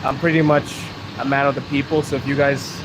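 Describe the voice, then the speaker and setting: A man's voice: medium pitch, level tone, brisk. A young Zimbabwean man live-streaming from a city street, chatting casually with viewers and laughing often. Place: outdoors on a city street by trains. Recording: outdoor street noise.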